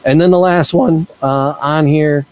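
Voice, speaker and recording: A man's voice: fairly high pitch, steady tone, measured pace, darkish tone, a little hiss or hum, rough recording. A man co-hosting a casual podcast chat, laid-back and rambling, often restarting his sentences. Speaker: podcast co-host.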